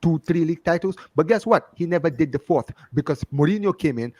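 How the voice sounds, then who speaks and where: A man's voice: a little high, animated, brisk, darkish tone, dry recording. A man with a London accent hosting a football fan livestream, talking emphatically and circling back to his point. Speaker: host of a football fan show. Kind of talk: casual group chat on a livestream.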